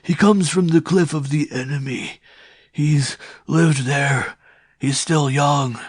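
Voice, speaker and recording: A man voicing a cruel, bitter old man who snarls and croaks in drawn-out shouts, in an audiobook. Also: fairly high pitch, fairly even intonation, dry recording, clean studio sound, voice pushed up. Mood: raging.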